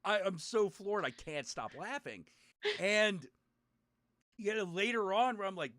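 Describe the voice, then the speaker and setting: A man's voice: high-pitched, very animated, moderate pace, pushed and bright, no echo. A middle-aged man, a podcast host, telling a rambling story in casual chat, swearing freely and laughing as he goes.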